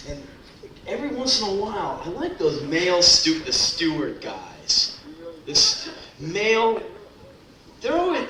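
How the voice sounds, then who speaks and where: A young man tells profane comic stories on a club stage, with a bright, forceful voice that swings into shouted rants. His voice rings through a roomy club and reaches the microphone from some distance, with a faint murmur of the room behind him. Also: medium pitch, a little hiss or hum. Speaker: spoken word performer. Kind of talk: live spoken word storytelling. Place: club stage before a live audience.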